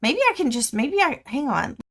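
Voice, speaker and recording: Chatty woman, bright excitable voice. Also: sits high, normal speed. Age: older. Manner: chatty, excitable, laughs easily. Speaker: quilting livestream host. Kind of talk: casual chat to live viewers. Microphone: webcam livestream.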